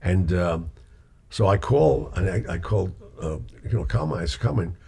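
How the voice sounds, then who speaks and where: A low, gravelly male voice with a husky edge tells a story in casual conversation. His pitch swings widely as he acts out the people he quotes. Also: very animated, normal speed, mellow. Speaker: guest storyteller; singer, performer. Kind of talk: casual anecdote telling.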